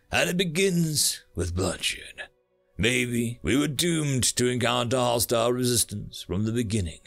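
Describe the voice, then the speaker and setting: A man's voice: mid-range voice, fairly bright tone. A man voicing a decisive male starship captain giving orders in a narrated sci-fi story. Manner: clipped commands, grave speeches.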